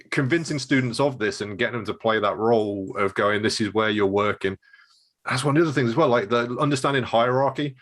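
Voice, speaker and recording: Low-voiced, thoughtful gym owner. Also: male voice, fairly bright tone. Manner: thoughtful, hesitant, thinks aloud. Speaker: martial arts gym owner and co-host. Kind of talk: casual podcast chat.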